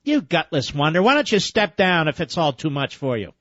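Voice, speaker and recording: A man's voice: fairly high pitch, big pitch swings, brisk, fairly bright tone, no echo. A man hosting a talk radio show, interrupting a played clip with sarcastic, combative commentary. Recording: dull lo-fi radio broadcast.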